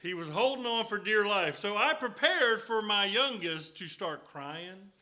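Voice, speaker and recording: A middle-aged man preaches in a church, his voice bright and fairly high. He tells folksy, joking stories between Scripture readings, talking easily to the congregation. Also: animated, measured pace. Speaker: guest preacher. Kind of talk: sermon with storytelling. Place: church sanctuary.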